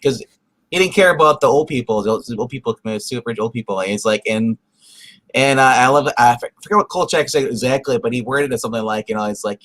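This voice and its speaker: A man co-hosting a casual review podcast, animated and often restarting his sentences. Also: medium pitch, fast talker. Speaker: podcast co-host.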